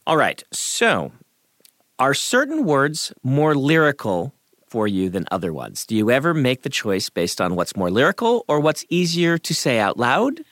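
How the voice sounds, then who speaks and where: A man's voice: mid-range voice, huge pitch swings, a little slow, fairly bright tone, no echo, clean studio sound. A man hosting a podcast discussion and leading it with questions, a writing teacher.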